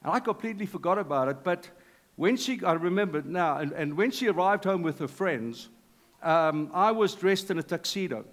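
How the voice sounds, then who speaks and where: A middle-aged male pastor preaching a sermon in a conversational, animated way, with asides to the congregation. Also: high-pitched, normal speed. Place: church hall. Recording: reverberant hall.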